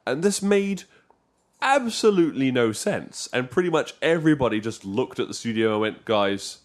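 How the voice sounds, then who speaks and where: A man doing a casual podcast co-host who talks about old games with a lively, swooping voice. He jokes often and jumps into quick bursts of excitement. The talk is loose and conversational. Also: medium pitch.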